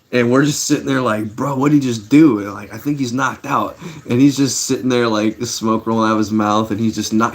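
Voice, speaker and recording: A man, middle-aged, telling stories casually to a live chat, laid-back and rambling, with many fillers and restarts. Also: lowish voice. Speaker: livestream host.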